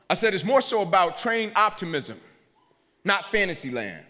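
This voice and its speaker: A man's voice: a little high, very animated, brisk, pushed and bright. Man giving a preacherly keynote in a hall. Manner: preacherly, repeats lines for emphasis, asks "right?" of the crowd. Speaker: motivational speaker. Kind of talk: keynote speech. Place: large hall. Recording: hall reverb.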